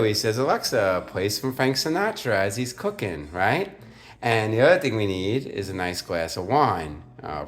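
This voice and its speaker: A man with a fairly low voice hosts a relaxed cooking video from his home kitchen. He talks in a chatty, joking way and playfully corrects how people say Italian food words. His delivery stays loose and conversational, like a friend walking you through a recipe. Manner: chatty, jokey, playfully insistent on Italian pronunciations. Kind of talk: casual cooking demonstration.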